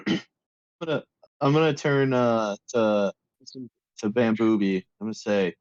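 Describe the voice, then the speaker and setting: A man's voice: on the low side, slow, pauses often, a little mellow, no echo. A man playing in a casual tabletop game, hesitant and full of fillers, on a dull lo-fi recording. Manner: hesitant, uses many fillers. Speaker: player.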